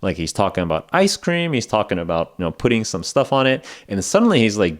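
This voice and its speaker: A man's voice: lowish voice, very animated, quick pace. A man hosting an English-learning podcast, talking in a casual, rambling way with lots of fillers and laughing at himself. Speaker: podcast host teaching English. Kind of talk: casual spoken lesson. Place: lives in Japan.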